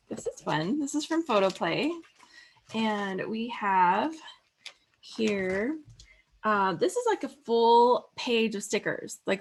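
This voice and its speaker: A woman in her thirties or forties hosts a casual scrapbooking stream. Her voice sits slightly high with a gravelly fry. She is chatty and bubbly, full of fillers and quick laughs. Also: a little hiss or hum. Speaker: scrapbooking livestream host. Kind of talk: casual craft livestream chat.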